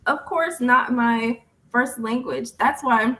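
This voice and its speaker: A young woman tutoring English over a video call, patient and gently correcting, often laughing. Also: a little high, takes it slowly, rough recording. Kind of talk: casual online tutoring chat.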